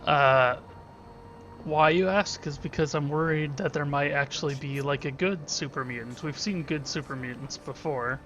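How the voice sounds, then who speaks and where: A man's voice: a little high, moderate pace, fairly bright tone, slight background noise. Joking let's play man. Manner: joking, irreverent, talks to himself. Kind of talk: casual gameplay commentary.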